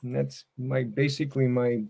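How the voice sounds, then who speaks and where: A man's voice: medium pitch, little pitch movement, normal speed, gravelly, heavy background noise. A man in his sixties, a retired fire battalion chief, giving tips and stories in a casual podcast interview, rambling easily and leaning on "you know" and "man".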